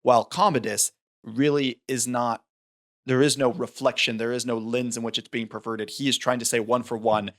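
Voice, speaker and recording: A man's voice: mid-range voice, little pitch movement, moderate pace, a bit bright. A man co-hosting a movie podcast, talking things through in a thoughtful, rambling way with restarts. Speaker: podcast co-host. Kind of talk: casual film discussion.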